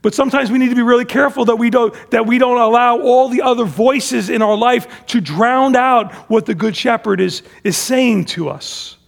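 A man's voice: very high-pitched, moderate pace, creaky, hardly any pauses, in a large hall. A middle-aged man preaching a sermon as pastor, talking conversationally with frequent restarts and acting out bits of family dialogue.

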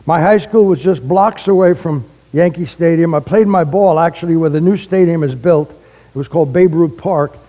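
A man, a retired pastor telling a personal testimony, animated and acting out the dialogue in his story. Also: a little high, normal speed, phone-quality sound. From the Bronx, New York. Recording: echoey hall.

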